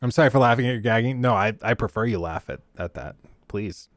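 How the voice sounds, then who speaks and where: Blunt, animated male streamer. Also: medium pitch, fast talker, no room sound. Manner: blunt, sarcastic, animated ranting. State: keeps choking on throat. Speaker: livestream host. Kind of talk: casual livestream chat.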